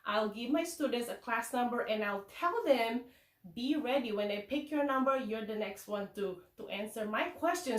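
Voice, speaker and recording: A woman teacher from the Philippines with a Filipino accent, giving animated tips to fellow teachers, asking and answering her own questions. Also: fairly high pitch, reverberant, recorded from a distance. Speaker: kindergarten teacher.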